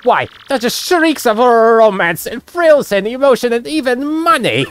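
A woman's voice: a little high, sing-song, a little slow, clean tone, dry recording, pitched above the performer's own voice. Woman putting on a boastful rich merchant man. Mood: excited. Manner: theatrical fake-Italian phrasing, grand boasts. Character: pompous rich male merchant, dramatic and greedy. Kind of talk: voicing game dialogue aloud.

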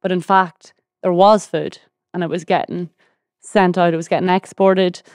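A woman's voice: lowish voice, flat delivery, normal speed, darkish tone, dry recording, clean studio sound. A woman, a stage actor, talking casually in an interview with many ums. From Ireland. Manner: chatty, laughs easily, many ums.

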